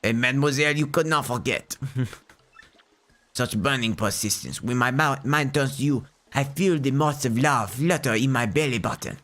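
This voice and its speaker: A man voicing a flirtatious, smarmy French gentleman with a mock French accent and theatrical manner. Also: medium pitch, moderate pace, close to an everyday voice. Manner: suave, theatrical, self-satisfied.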